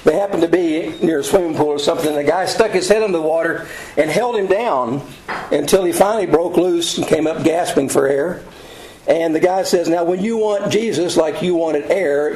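A man teaching a casual Bible study lesson, pausing often with ums and uhs. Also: a little high, a little mellow. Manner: halting, many ums and uhs. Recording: roomy echo.

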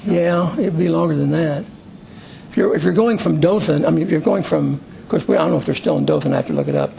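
A man's voice: a little high, very animated, fast talker, creaky, mellow, low-quality recording. A man leading a Bible study, reading scripture aloud and then explaining it to a small group in a conversational way. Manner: conversational and explanatory, with occasional fillers.

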